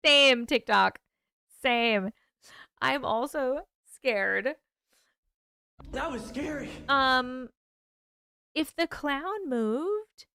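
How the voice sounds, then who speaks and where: A woman's voice: high-pitched, gravelly, bright, forceful tone, no echo, clean studio sound. A woman hosting a late-night livestream, chatting sleepily with her viewers, swearing and yawning as she reacts to their stories. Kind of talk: casual livestream chat.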